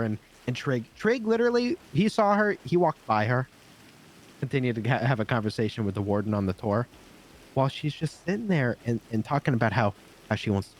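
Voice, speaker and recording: A man playing a prison guard, recounting events in character with lively detail and many fillers. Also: mid-range voice. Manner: animated storyteller, lots of fillers. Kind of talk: in-character game storytelling.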